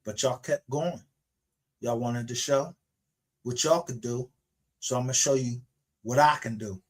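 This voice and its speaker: A man's voice: medium pitch, unhurried. A man ranting aggressively on a livestream, confrontational and full of profanity. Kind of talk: angry livestream rant.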